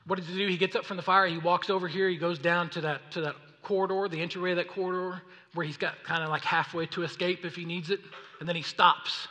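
A man preaching a sermon, reading scripture and acting out the people in the story in an animated way. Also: fairly high pitch. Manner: animated, acts out voices of the story. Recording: long reverb of a hall.

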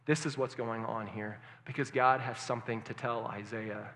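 A male pastor preaching a sermon, asking the congregation questions and swinging from hushed tones to loud emphasis. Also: medium pitch, fairly even intonation, moderate pace. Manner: engaging, asks the congregation questions. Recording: long hall reverb.

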